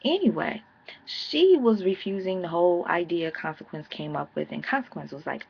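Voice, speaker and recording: Woman, 30s, husky lowish voice, sassy profane TV recap, dull lo-fi audio. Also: expressive, normal speed. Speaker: TV reality show reviewer. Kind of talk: casual vlog recap.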